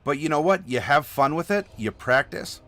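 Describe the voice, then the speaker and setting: A man hosting a live map-design stream, chatting to viewers in an animated, playful way. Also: a little high, normal speed, faint music behind. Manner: animated, playful, talks to chat. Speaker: host.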